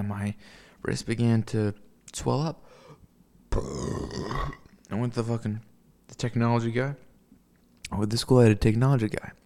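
Drunk young man with a gravelly voice. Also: mid-range voice, warm tone. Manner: meandering, profane, mumbled asides. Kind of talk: rambling solo monologue.

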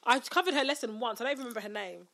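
A young woman chats quickly and casually, her voice sitting a little high. She tells stories animatedly, slipping in and out of her students' voices. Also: bright, forceful tone, slight background noise. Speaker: teacher and podcast co-host. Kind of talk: casual chat.

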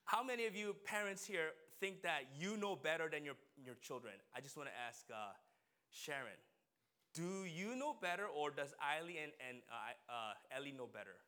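Man, pastor, casual sermon, questions for the congregation, bright tone, slightly high voice. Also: expressive, normal speed. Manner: chatty, asks the congregation questions by name. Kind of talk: conversational sermon.

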